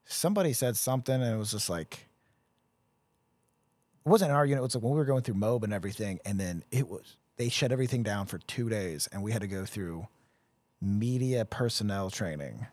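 A man's voice: lowish voice, animated, brisk, darkish tone, no echo. A man co-hosting a podcast, casually recalling his army days in a rambling way. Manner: rambling, self-correcting recollection. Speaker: podcast co-host, veteran. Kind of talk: casual chat.

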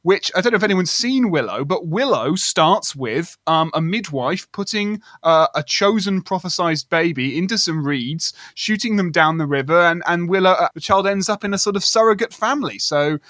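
A man's voice: high voice, lively intonation, moderate pace, hardly any pauses, fairly bright tone, dry recording, studio quality. A man hosting a casual academic discussion, talking in a rambling way with many restarts. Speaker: podcast host.

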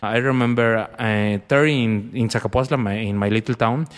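Brief: young man, clear resonant voice, long reverb, halting storyteller. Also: medium pitch, fairly even intonation. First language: Spanish. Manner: halting, searching for words in a second language. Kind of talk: personal storytelling in conversation.

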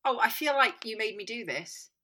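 A woman's voice: fairly high pitch, expressive, normal speed, sharp tone. A young woman co-hosting a podcast, wry and teasing, swearing casually. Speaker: podcast co-host. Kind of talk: casual chat.

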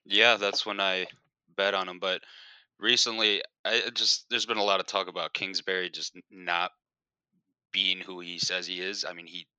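A man's voice: deep voice, level tone, moderate pace, sharp tone, clean tone, no echo. A man co-hosting a sports podcast, casual and thoughtful, often trailing off.

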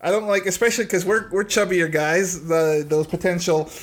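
A man's voice: sits high, steady tone, moderate pace. A man telling rambling, self-deprecating work stories in a casual chat, laughing often.

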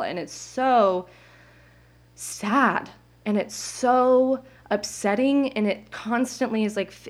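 A young woman hosting her own podcast, talking candidly and at length, full of "like" fillers and quick laughs. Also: medium pitch. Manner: candid, rambling, many "like" fillers, laughs often. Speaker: podcast host. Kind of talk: casual solo podcast monologue. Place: home, indoors.

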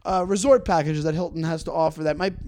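A man's voice: on the high side, steady tone, darkish tone, natural voice. A man aping a pushy hotel telemarketer. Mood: scripted pitch. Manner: sales patter, quick to bristle.

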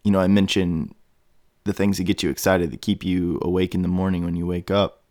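In a dry, clean studio recording, a man with the hiccups hosts a meandering solo podcast monologue, thinking aloud through many fillers and restarts. His voice is low, a little mellow, and brisk, with little pitch movement.

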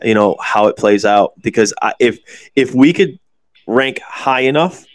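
A man's voice: medium pitch, expressive, measured pace, no room sound. Rambling, profane man hosting a chat. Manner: rambling, profane, lots of restarts. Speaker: podcast host. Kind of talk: casual chat.

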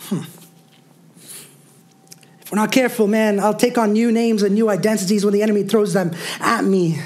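A man preaching a sermon as a pastor, calling out to his congregation, mixing humor and asides, and rising to near-shouting on his declarations. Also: sits high, steady tone, normal speed. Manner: preaching with call-and-response asides and wry humor.

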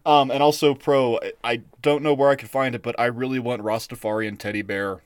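Man, podcast co-host, casual rambling chat, mid pitch, dry sound. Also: fairly even intonation, fairly quick, clear, resonant tone, no room sound. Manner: rambling, laughs often, frequent fillers.

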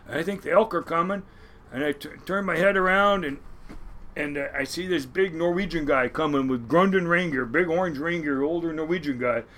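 In a casual storytelling interview, a middle-aged longtime crab fishing captain spins rambling, profane tales and laughs often. His voice is a little high, brisk, and fairly bright.

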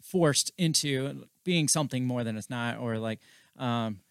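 A man's voice: medium pitch, measured pace, vocal fry, smooth, no room sound. A man co-hosting a podcast in casual chat, talking with a wry, sarcastic edge. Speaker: podcast co-host.

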